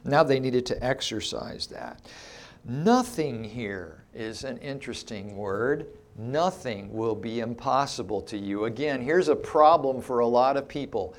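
Animated man preaching a verse-by-verse sermon. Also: medium pitch, measured pace. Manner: animated, emphatic teaching with rhetorical questions. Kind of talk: expository sermon.

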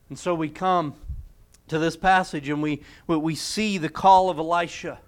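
Smooth-voiced preacher man retelling scripture. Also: a little high, steady tone, moderate pace. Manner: storytelling preacher, shifting between emphatic and hushed delivery. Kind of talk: sermon.

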